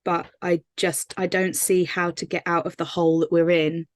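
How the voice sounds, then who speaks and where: A woman's voice: on the low side, flat delivery, moderate pace, dry recording. A woman musician answering interview questions in an earnest, thoughtful way, with many fillers and restarts. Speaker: singer-songwriter interviewee.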